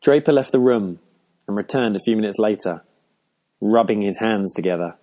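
Guy reading an audiobook, lowish voice, measured and dry. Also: dark tone. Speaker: audiobook narrator. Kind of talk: scripted first-person narration.

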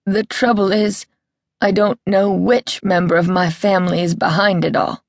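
A woman's voice: medium pitch, fairly even intonation, normal speed, vocal fry, no room sound, studio quality, lightly acted. A woman voicing a self-pitying, histrionic woman who whimpers and sounds aggrieved, in an audiobook. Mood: tearful. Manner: aggrieved, histrionic, soft distressed tone.

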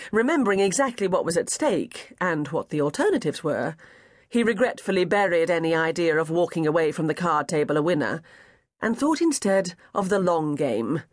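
A man narrating an unabridged novel in a measured, even way on a close studio mic. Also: a little high, no echo. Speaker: audiobook narrator. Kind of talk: scripted narration.

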